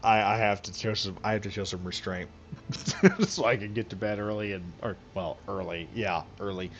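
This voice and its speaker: A man's voice: fairly low pitch, normal speed. Rambling, chuckling man on a game stream. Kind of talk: casual late-night live stream chat. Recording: slightly dull lo-fi audio.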